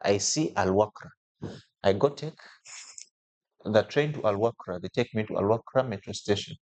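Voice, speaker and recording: A podcast guest shares a personal story at normal speed. He's animated and keeps restarting, and his voice jumps in pitch each time he quotes others.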